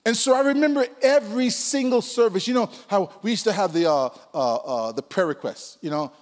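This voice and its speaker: A pastor in his sixties preaching a sermon, swinging between loud calls and hushed asides. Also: high voice, fairly quick, long reverb tail. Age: 60s. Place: church sanctuary.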